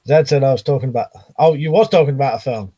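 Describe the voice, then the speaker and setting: Man, live-stream chatter, rambling and swearing, medium pitch, dry close sound. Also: a little fast, dark tone, dry recording, dull audio. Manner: rambling, swears casually, frequent ums and restarts. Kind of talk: casual live-stream chat, reading viewer comments aloud.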